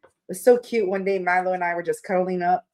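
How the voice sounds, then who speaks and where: A woman's voice: fairly low pitch, fairly even intonation, brisk, a little mellow. A woman hosting a tarot livestream, chatting casually with viewers in a rambling, candid way, swearing now and then.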